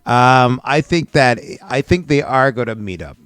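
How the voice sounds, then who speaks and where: A playful man hosting a casual fan show, joking and cutting in. His voice is smooth and clear at a middle pitch. The sound is close and dry. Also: lively intonation, measured pace, fairly bright tone, no room sound, faint music behind. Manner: playful, jokey, cuts in. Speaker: podcast host.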